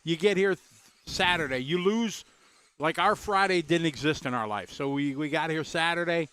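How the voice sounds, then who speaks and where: Friendly male race commentator, smooth clear voice, relaxed chatter with viewers. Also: a little high, normal speed, no echo. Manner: chatty, greets viewers, laughs easily. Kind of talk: casual live stream commentary.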